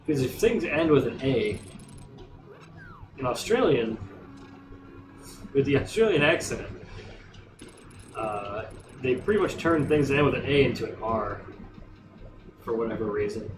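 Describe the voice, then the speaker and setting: A man's voice: medium pitch, animated, a little slow, long pauses, far from the mic. A man giving chatty, rambling let's play commentary, recorded off-mic in a roomy space with game music behind. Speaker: gamer streamer.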